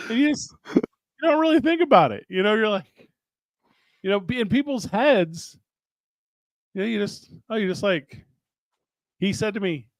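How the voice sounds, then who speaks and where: A man's voice: high-pitched, big pitch swings, a little slow, long pauses, no room sound. Chatty storytelling man in his thirties. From St. Louis area, Missouri. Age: 30s. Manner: chatty storyteller, acts out both sides of dialogue, laughs often. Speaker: podcast co-host and wrestling promotion co-owner. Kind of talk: casual chat.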